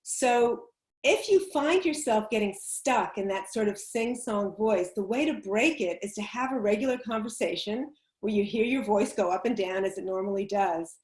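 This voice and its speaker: A woman's voice: mid-range voice, normal speed, a little mellow. Woman coaching over a roomy video call. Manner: emphatic, chatty, laughs easily. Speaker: public speaking coach.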